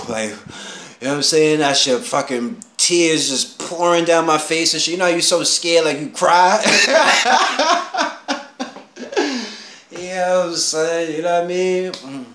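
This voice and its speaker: A man telling a personal story in casual street slang, animated, dropping low and then rising to excited shouts. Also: slow. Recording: roomy echo, faint background hum.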